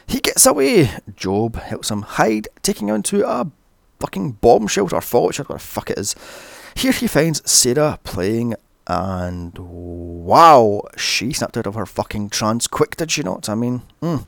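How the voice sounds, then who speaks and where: A man's voice: mid-range voice, very animated, a little slow, creaky, dry recording, clean studio sound. A man narrating a sarcastic, sweary film recap in a mocking, exasperated manner.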